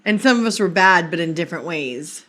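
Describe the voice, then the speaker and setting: A woman's voice: lowish voice, animated, a little fast, fairly bright tone. Giggly woman co-host. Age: 30s. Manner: giggly, playful, reads listener comments aloud. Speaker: pastor's wife and podcast co-host. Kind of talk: casual chat.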